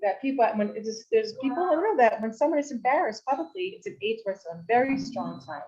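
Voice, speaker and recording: A woman giving a live Torah talk, telling a story with lively delivery. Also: on the high side, brisk. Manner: animated storytelling, rises to shouting for quoted outbursts. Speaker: teacher giving a weekly talk. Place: women's study hall in a community center. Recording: dull lo-fi live recording.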